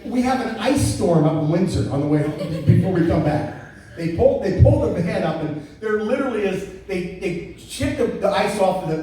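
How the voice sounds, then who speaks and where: A high-pitched man tells stories at a retirement party, tripping over his words and chuckling as he goes. He is picked up from far across an indoor venue on a phone camera. The sound is very echoey with a faint murmur of room noise. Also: mellow. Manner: rambling, stumbling restarts, chuckling through stories. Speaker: coworker giving a retirement roast speech. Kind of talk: casual storytelling speech. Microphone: phone camera far from the speaker.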